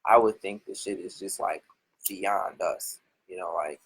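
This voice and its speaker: A man speaking as a guest on a casual podcast, talking in a hesitant and measured way with many fillers. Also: sits low, a bit bright, breathy edge, rough recording.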